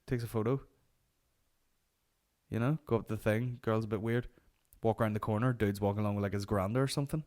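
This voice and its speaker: Male comedy host with a lowish voice and a sweary, rambling storyteller manner. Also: fairly even intonation, brisk, long pauses, darkish tone. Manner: profane, rambling anecdotes. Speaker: podcast host. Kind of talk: comic storytelling.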